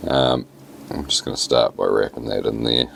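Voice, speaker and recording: A man with a New Zealand accent talking casually through a fly tying tutorial, relaxed and plain-spoken with many fillers. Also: a bass voice, normal speed, vocal fry, a little hiss or hum.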